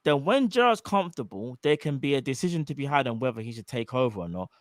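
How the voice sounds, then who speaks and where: A man co-hosting a live fan show, talking in a joking, emphatic, animated way. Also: mid-range voice, fast talker, no echo, studio quality. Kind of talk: casual live-stream chat. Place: home studio.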